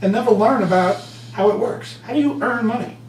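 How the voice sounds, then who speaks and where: A man being interviewed as an author and speaker, telling stories with lively acted-out quotes. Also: high-pitched, a little fast. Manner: animated storyteller, acts out quotes. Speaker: guest author and motivational speaker. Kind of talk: conversational interview. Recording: roomy, distant mic, faint hum.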